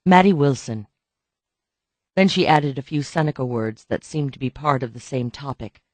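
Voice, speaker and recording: A man narrating a novel as an audiobook reader, in a steady, even storytelling manner. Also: medium pitch, brisk, no room sound. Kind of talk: scripted narration.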